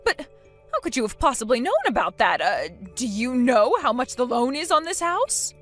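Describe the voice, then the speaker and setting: A woman's voice: fairly high pitch, big pitch swings, moderate pace. A woman voicing a bossy mother-in-law. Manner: bossy, demanding. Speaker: story character. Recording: soft music behind.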